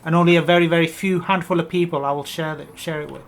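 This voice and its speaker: A man's voice: a little high, fairly even intonation, fast talker, creaky. A man hosting a let's play, riffing jokingly in casual gameplay commentary from a home gaming setup. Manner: joking, rambling riffs on a word.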